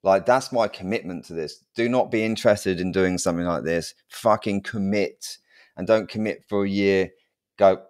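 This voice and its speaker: A man's voice: sits low, normal speed, a little mellow. A man co-hosting a podcast, speaking in an earnest, emphatic way and swearing casually. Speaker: podcast co-host. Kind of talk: casual chat.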